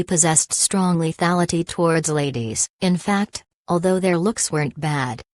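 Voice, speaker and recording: Woman narrator, low voice, dry close sound, even and measured audiobook read. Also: no room sound. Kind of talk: scripted narration.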